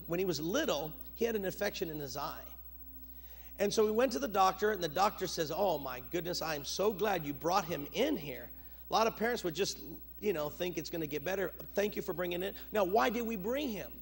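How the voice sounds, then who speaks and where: A middle-aged male pastor preaching a sermon, moving from loud urgent bursts to low, quiet asides. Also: animated, quick pace, slightly rough.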